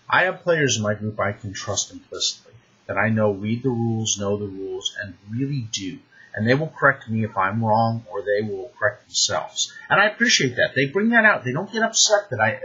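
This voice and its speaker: Man, game master giving tips, lively up-and-down pitch, bright husky voice, lo-fi recording. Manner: animated, conversational, many restarts. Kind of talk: advice talk to the camera. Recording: dull lo-fi recording.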